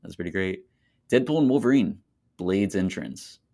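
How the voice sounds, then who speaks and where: A young man with a low, gravelly voice co-hosts a casual movie chat. He talks with enthusiasm and laughs often. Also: animated, moderate pace, warm tone. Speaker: podcast co-host.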